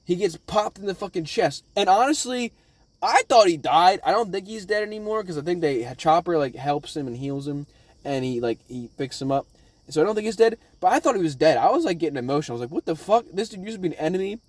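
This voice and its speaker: A man at home giving a casual, rambling recap of a show in an excitable, profane way. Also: fairly high pitch, brisk, no echo. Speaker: anime reaction vlogger.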